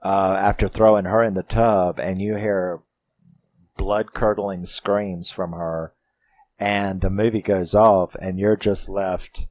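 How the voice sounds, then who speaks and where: Slow, low-voiced man recapping a film. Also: dry recording. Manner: profane, animated storytelling. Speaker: film reviewer. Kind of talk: casual movie recap.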